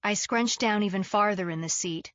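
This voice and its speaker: A woman's voice: mid-range voice, moderate pace, a bit bright, no echo. A woman narrating a mystery thriller audiobook with a tense, dramatic reading.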